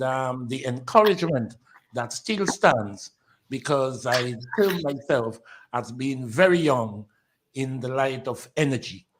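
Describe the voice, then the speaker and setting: Older man, very slow, formal, humble, thanking everyone. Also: medium pitch. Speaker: honoree.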